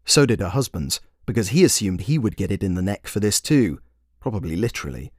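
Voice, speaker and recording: A man's voice: lowish voice, sing-song, brisk, darkish tone, no echo, studio quality. A man narrating a fairy tale he wrote, in a wry, playful storytelling manner. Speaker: storyteller and author.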